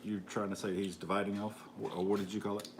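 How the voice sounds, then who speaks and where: A man's voice: lowish voice, flat delivery, fast, noisy background. Joking man co-hosting a chat stream. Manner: joking, laughs at his own lines. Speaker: co-host. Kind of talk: casual live-stream chat.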